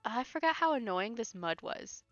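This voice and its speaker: A chatty, giggly woman streamer talks through her game. Her voice is bright and a little sharp, very close and dry. The stream audio is slightly dull, with faint music behind her. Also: fairly high pitch, animated, moderate pace, no echo. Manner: chatty, giggly, talks to chat between asides. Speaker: streamer playing a video game. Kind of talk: casual let's-play commentary.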